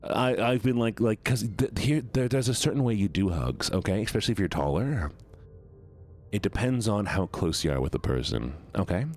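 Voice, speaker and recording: A man's voice: deep voice, a little mellow. A man streaming live, chatting casually with viewers, rambling, stumbling over his words and giggling often. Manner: stumbles and restarts mid-sentence.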